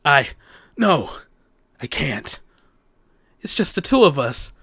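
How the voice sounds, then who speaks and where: A flustered male lab chief, nervous and stammering, halting as he speaks, as a man puts him on. The voice sits lower than the reader's usual tone. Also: very animated, fairly bright tone, slightly rough, no room sound, studio quality, exaggerated voice. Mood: nervous hesitant.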